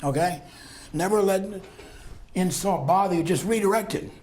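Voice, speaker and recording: A man's voice: high voice, normal speed, a little mellow. A man lecturing a seminar class, telling stories and acting out dialogue with frequent chuckles. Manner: storytelling, acts out dialogue, chuckles often. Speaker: lecturer on conflict talk.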